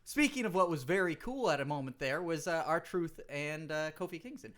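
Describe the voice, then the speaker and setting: A man's voice: on the high side, animated, moderate pace, fairly bright tone. A man co-hosting a comedy podcast, rambling and trailing off mid-thought. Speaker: podcast co-host. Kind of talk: casual comedy podcast chat.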